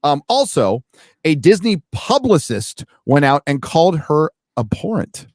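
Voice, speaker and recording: Lively, blunt male show host. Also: a little high, a little slow, dry recording. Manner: blunt, profane, sarcastic. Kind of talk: casual opinionated chat.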